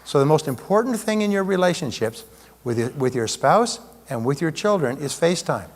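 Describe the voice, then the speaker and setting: A man's voice: a little high, big pitch swings, moderate pace. A man giving a live seminar talk as a motivational speaker, conversational, with plenty of rhetorical questions. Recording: long hall reverb.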